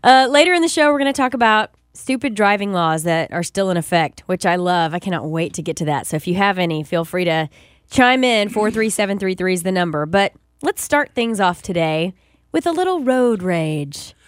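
A woman co-hosting a weekend radio show, bubbly and quick to laugh. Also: mid-range voice, animated, no echo, studio quality. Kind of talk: casual radio chat.

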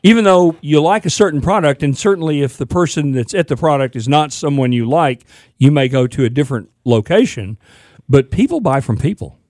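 A man's voice: fairly high pitch, expressive, fairly quick, darkish tone, no echo. A man co-hosting a radio talk show, joking with colleagues and explaining survey findings. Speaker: radio co-host. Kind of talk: casual radio chat.

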